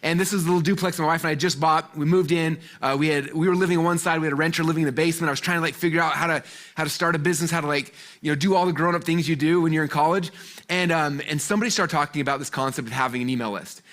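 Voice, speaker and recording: Fast-talking animated man telling stories. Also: on the high side. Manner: animated, acts out the voices in his stories, many fillers. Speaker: guest speaker at a business seminar. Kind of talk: energetic storytelling talk to a live audience.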